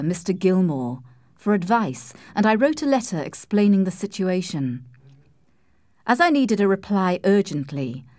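A woman narrating a classic novel in a calm, measured storytelling voice. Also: medium pitch, no room sound, studio quality. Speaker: audiobook reader. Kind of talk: scripted narration.

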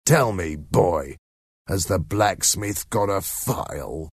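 A man voicing an aggressive, hungry escaped convict who threatens a child in a slow, husky voice. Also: sits low, lively intonation, no echo, studio quality, heavily acted. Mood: menacing.

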